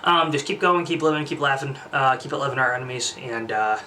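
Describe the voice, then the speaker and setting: A young man talks to his vlog viewers in a loose, rambling way, short of breath, with a bright, forceful tone. He sits a little back from the mic, and a faint room ambience hangs behind him. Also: medium pitch, fairly quick, distant mic, a little hiss or hum. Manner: rambling, frequent fillers and restarts, occasional swearing. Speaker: vlogger. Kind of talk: casual vlog chat.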